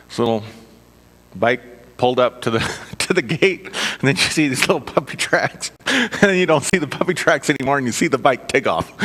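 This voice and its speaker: Middle-aged male minister, mid-pitched, chatty storytelling sermon with self-mocking humor, recorded with long hall reverb. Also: a bit bright. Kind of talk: conversational sermon with personal stories.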